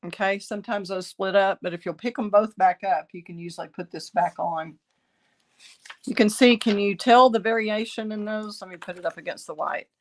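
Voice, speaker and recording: A middle-aged woman, raspy from bronchitis, chatting through a card-making tutorial as she works. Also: medium pitch, moderate pace, slight background noise. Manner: chatty, thinking aloud while working. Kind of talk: casual craft tutorial.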